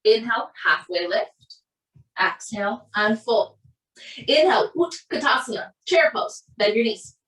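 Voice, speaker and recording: A woman with a Minnesota accent leads a yoga class in calm, steady cues timed to the breath. Her voice sits a little high and comes from some way off the mic in a roomy, echoey space. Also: measured pace. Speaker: yoga instructor. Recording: roomy echo, voice from a distance.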